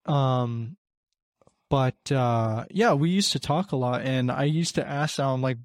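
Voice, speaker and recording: A young man in his twenties talks in a loose, rambling way, filling pauses with ums and uhs. His voice sits in an ordinary middle range. The sound is dry and close, with no room echo. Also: mid-range voice. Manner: rambling, heavy with fillers. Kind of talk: casual chat.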